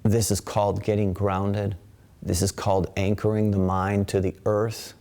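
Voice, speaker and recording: A man teaching qigong in a webinar, calmly counting breaths aloud and asking rhetorical questions. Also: fairly low pitch. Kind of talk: guided qigong instruction. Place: indoor studio with camera. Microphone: webinar camera mic.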